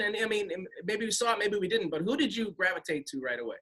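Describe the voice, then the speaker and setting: A man hosting a radio interview, asking his guest questions with eager fan excitement. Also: sits high, fast, few pauses, husky. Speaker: radio host.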